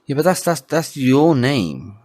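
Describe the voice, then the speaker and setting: A man's voice: medium pitch, big pitch swings, a little slow, darkish tone, no room sound. A Welsh-born man co-hosting a casual podcast chat, laughing often and restarting his sentences. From Wales. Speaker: podcast co-host.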